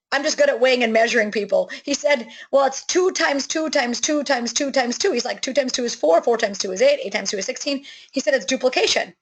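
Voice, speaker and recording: A middle-aged woman giving an enthusiastic, chatty sales pitch for a network marketing business, with many fillers and restarts. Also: rough recording.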